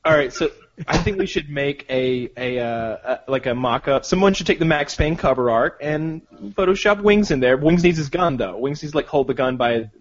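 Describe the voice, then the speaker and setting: A man's voice: a little high, normal speed. A man co-hosting a casual podcast, rambling and restarting his sentences often. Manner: rambling, hesitant, many restarts. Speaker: podcast co-host. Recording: dull lo-fi recording.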